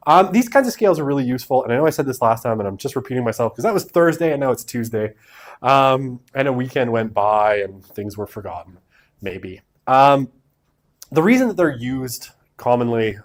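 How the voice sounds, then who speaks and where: A man in his thirties giving a casual university sociology lecture to a classroom, chatty and self-deprecating, with joking asides. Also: mid-range voice.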